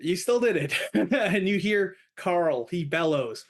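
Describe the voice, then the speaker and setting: A man running a tabletop game, his voice sitting a little higher than most. He narrates scenes casually and laughs easily as he goes. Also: expressive, slow pace. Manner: laughs often while describing scenes. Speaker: game master.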